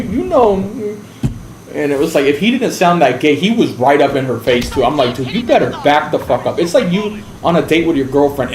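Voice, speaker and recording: A man from the United States, his voice fairly high and a little mellow, tells a story on his game stream. He's blunt and profane, swearing heavily, and the recording sounds roomy with faint background noise.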